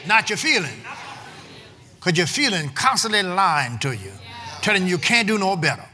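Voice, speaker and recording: A preacher, delivering a sermon with rhythmic call-and-response and frequent shouting. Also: male voice, high voice, sing-song, normal speed, a little hiss or hum. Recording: long hall reverb.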